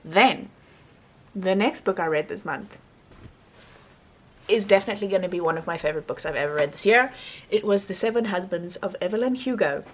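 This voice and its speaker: A young woman book vlogger giving a casual, rambling monthly reading wrap-up, animated and laughing often. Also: medium pitch, fairly quick, long pauses, slight background noise.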